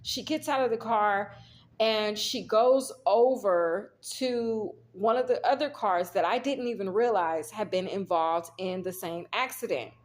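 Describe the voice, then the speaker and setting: A woman's voice: medium pitch, a little slow. Rambling woman reading tarot. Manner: rambling, talks straight to viewers, retells scenes quoting herself. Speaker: tarot reader. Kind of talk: casual storytelling with a tarot reading.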